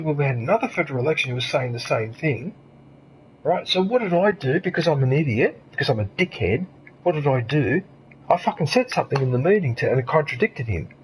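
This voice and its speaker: An Australian man streams a game while ranting angrily, swearing heavily and firing off rhetorical questions. His voice is high-pitched, and the poor audio has slight background noise.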